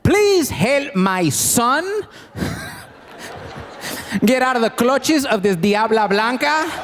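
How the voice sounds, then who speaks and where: A woman's voice: on the high side, very animated, extremely slow, slight background noise, pitched above the performer's own voice, exaggerated voice. A man doing a scheming Latina mom. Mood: pious, scheming. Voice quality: sharp, scheming. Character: stern religious Latina mother, disapproving.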